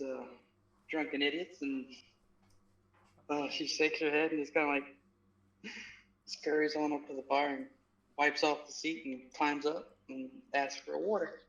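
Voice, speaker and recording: A man's voice: on the high side, flat delivery, measured pace, pauses often, a bit bright. A man playing in a tabletop game, describing his character's actions hesitantly with fillers. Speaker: player. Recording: distant muffled mic.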